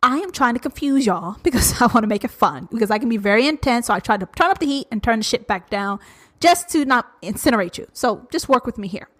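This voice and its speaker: A woman's voice: on the high side, lively intonation, fast talker. Blunt, foul-mouthed woman podcast host. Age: 40s. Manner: blunt, profane and confrontational, swinging between loud and hushed. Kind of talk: uncensored solo podcast rant.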